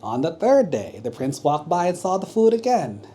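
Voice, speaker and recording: A monk gently telling a story to children at a temple, often checking in with them. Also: male voice, a little high, sing-song, moderate pace. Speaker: Buddhist monk. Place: temple hall.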